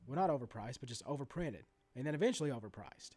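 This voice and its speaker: Animated, profane card-collecting ranter. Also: male voice, medium pitch, quick pace, breathy edge. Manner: animated, profane ranting with many asides and restarts. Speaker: sports card collector vlogger. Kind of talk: ranting vlog commentary.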